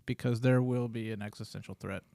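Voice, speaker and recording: Gravelly-voiced man in casual chat. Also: lowish voice, steady tone, fairly quick, dark tone, dry recording, clean studio sound.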